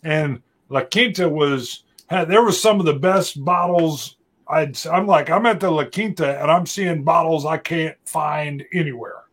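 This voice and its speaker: Husky animated man telling a story. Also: fairly high pitch, unhurried. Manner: animated storyteller, acts out quoted voices. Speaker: tasting panelist. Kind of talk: casual chat.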